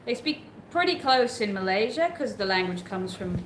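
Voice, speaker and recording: A woman in easy conversation on a live stream, hedging as she talks and pausing to read viewer questions aloud. Her voice sits in the middle of the usual range and carries in an echoey room, with faint ambience behind. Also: mid-range voice, lively intonation, noisy background. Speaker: co-host of a travel livestream. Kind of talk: casual live chat.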